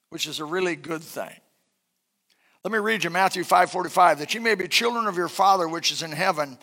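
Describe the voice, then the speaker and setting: A middle-aged man preaching a sermon, his voice pitched high and bright with a forceful edge. He swings from loud, emphatic bursts down to soft, hushed asides, keeping the congregation close. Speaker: pastor.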